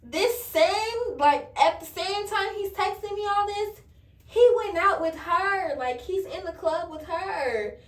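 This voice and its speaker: A woman's voice: extremely high pitch, slow, recorded from a distance. A young woman vlogger, telling a candid storytime full of slang and swearing while she does her hair. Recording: echoey room, voice a bit off-mic.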